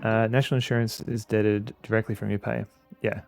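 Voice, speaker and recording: A man with an Australian accent streaming a game, chatting casually in a halting, rambling way with many fillers. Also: lowish voice, little pitch movement, vocal fry, darkish tone, no echo, soft background music. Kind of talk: casual commentary while playing a game.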